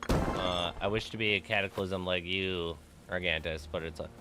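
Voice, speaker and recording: Male streamer, low voice, bright tone, animated ranting chat, casual swearing. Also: normal speed, soft background music. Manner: animated, ranting storyteller who swears freely. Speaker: game streamer. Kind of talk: casual live-stream chat while gaming.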